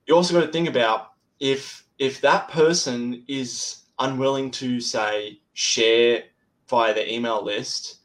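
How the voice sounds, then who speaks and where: A man's voice: medium pitch, steady tone, takes it slowly, a bit bright, poor audio. A man appearing as a podcast guest, talking casually and hesitantly with frequent restarts. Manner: hesitant, restarts words often. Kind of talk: casual interview chat.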